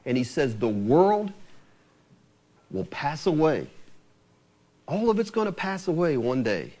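A man preaching a sermon, quoting scripture with lively, rising emphasis. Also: a little high, measured pace, long pauses.

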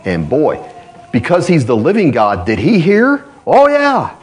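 A man preaching in full sermon mode, his voice riding a lively, swooping pitch that sits a little high for a man. He leaps up to emphatic calls, then sinks low and slow for scripture, drawing the congregation in with quick questions. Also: slightly rough, faint music behind. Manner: asks the congregation for responses. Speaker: pastor.

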